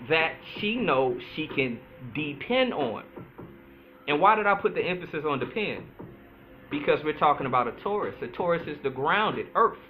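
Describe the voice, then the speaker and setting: Animated man on a tinny line. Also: high voice, slight background noise. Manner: animated, chatty, playful, drawls some words slowly. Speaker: podcast host, astrologer. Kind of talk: casual solo talk. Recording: tinny phone-like sound with faint music.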